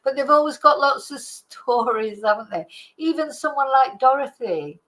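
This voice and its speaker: A woman's voice: high-pitched, expressive, moderate pace, a bit bright, poor audio. An older woman, a channel host chatting through a personal story in a rambling way, full of fillers and restarts. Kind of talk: casual storytelling monologue.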